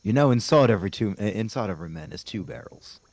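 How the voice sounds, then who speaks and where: A man's voice: fairly low pitch, lively intonation, fast talker, darkish tone. A man playing a tabletop game, joking and teasing in character. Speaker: player.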